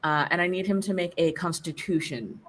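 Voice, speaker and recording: A woman playing a tabletop role-playing game, describing her actions haltingly with fillers and dry humor. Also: on the low side, fairly bright tone. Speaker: player. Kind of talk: casual tabletop game chat.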